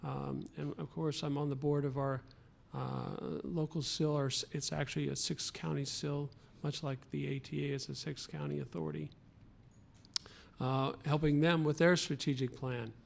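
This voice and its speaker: Man from a local transit agency at a press podium, gravelly, even-toned, hesitant. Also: on the high side, a little hiss or hum. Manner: halting, many fillers and restarts. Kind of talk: press conference remarks. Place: press club event room.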